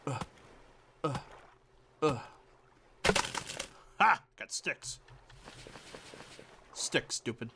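A man's voice: medium pitch, expressive, extremely slow, vocal fry, long pauses, noisy background. A middle-aged man giving casual gameplay commentary, muttering to himself with lots of fillers and breaking into silly singing now and then. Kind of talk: casual let's-play commentary.

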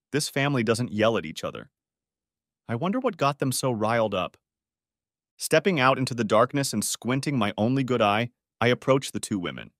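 A man giving an expressive scripted narration of a story. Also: medium pitch, no echo, studio quality. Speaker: audiobook narrator.

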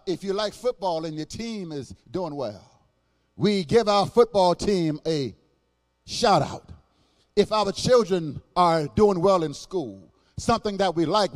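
A man's voice: high-pitched, long reverb tail. A man preaching a church sermon, calling out to the congregation with rhythmic, repeated phrases. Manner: call-and-response preaching, rhythmic and repetitive. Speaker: pastor. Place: church sanctuary.

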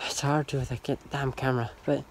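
A man's voice: mid-range voice, level tone, a little fast, a little hiss or hum, low-quality recording. A man talking casually into his phone for a vlog, rambling and complaining, with many fillers. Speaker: vlogger. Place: rented house and nearby streets. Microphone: phone held by the speaker.

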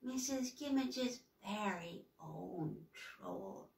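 Woman doing a raspy whispery storybook crone, slow and menacing, hulking, roomy echo, off-mic. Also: fairly high pitch, lively intonation, recorded from a distance, exaggerated voice. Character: hulking sinister witch-like woman in gray robes. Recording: echoey room, voice off-mic.

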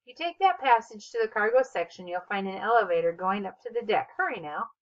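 A woman voicing a gruff but jovial older ship officer in a storybook reading. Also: lively intonation, fairly quick, highs cut off, natural voice. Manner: hearty, booming.

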